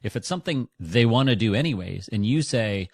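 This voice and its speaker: Low-voiced male dog trainer. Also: lively intonation, a little fast, darkish tone, no echo, clean studio sound. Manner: conversational, frequent restarts and hedges. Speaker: dog trainer and podcast host. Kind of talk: instructional podcast talk.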